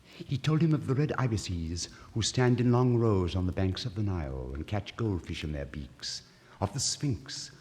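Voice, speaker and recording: A man narrating a fairy tale in an expressive, theatrical storytelling manner. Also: lowish voice, moderate pace. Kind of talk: storybook reading. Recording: reverberant old vinyl studio recording.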